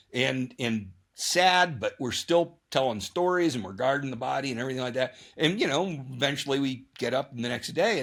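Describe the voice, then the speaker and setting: Guest male, lively swinging intonation, rambling storyteller full of restarts. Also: mid-range voice. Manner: rambling, animated, many restarts and repeated words; acts out his own thoughts and others' lines in voices. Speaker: guest ultrarunner. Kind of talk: casual storytelling interview.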